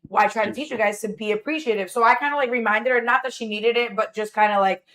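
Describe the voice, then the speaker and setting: A woman's voice: a little high, quick pace, fairly bright tone. A woman in her forties, a podcast guest, telling a family story in casual chat with many fillers and restarts.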